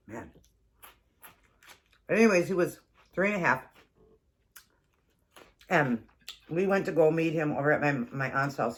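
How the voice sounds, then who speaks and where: Chatty rambling woman in her forties. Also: extremely low pitch. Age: 40s. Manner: chatty, rambling, laughs often. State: runny nose. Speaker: keto vlogger. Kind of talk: casual storytelling while eating.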